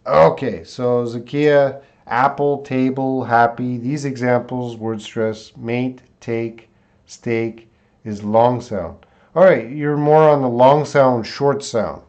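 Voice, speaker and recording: Male English teacher on a live stream, desktop mic, mid-pitched, relaxed and halting delivery. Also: highs cut off. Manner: casual, hesitant, reads viewer comments aloud. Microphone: desktop USB mic.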